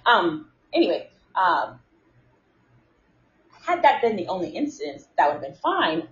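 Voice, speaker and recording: A woman telling a story to a live audience in a casual, animated and exasperated way, talking straight to her viewers. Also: mid-range voice, roomy sound, muffled recording. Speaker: live stream host.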